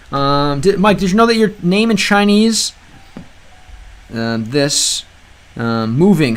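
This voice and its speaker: A man hosting a casual livestream, reading chat aloud and answering in a halting way with many ums and uhs, switching between English and learner Russian. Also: sits high, fairly bright tone.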